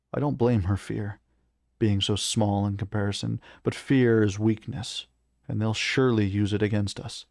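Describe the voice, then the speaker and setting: A man reading a first-person fantasy story aloud in a measured, even narrating manner. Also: fairly low pitch, dry recording, studio quality. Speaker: reader.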